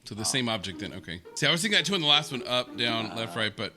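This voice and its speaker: A man's voice: medium pitch, big pitch swings, fast talker, over music. An American man giving casual, chatty reaction commentary. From United States. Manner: chatty, exclaiming. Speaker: reaction video host.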